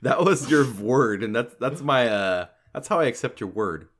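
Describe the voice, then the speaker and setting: A man's voice: mid-range voice, lively intonation, moderate pace, a bit bright, husky. A man co-hosting a podcast in casual chat, joking around and laughing often. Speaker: podcast co-host.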